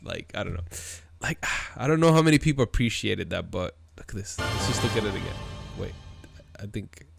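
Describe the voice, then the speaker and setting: Excitable, slangy man hosting a video. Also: lowish voice, a little fast, gravelly, over music. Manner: excitable, slangy, calls viewers dude and bro. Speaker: video host. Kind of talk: casual anime commentary.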